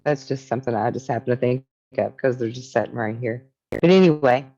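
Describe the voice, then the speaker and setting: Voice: medium pitch, fairly quick, mellow, dull audio. A spiritual teacher talking casually and reflectively, reading from a book and musing on its ideas.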